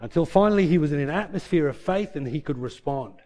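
Aussie pastor telling a story in a sermon, mellow dark voice, bit high, loud then hushed. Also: male voice, animated, fast. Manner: storytelling, swinging from loud bursts to hushed tones.

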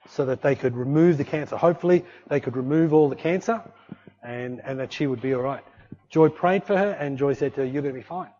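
This fairly high-voiced preacher animates his sermon's story by impersonating the people in it, captured on a muffled lo-fi recording.

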